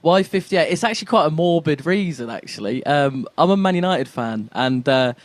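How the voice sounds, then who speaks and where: A man's voice: fairly high pitch, lively intonation, moderate pace, no echo. Man, podcast guest, friendly, laughs often, casual chat. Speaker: singer-songwriter guest.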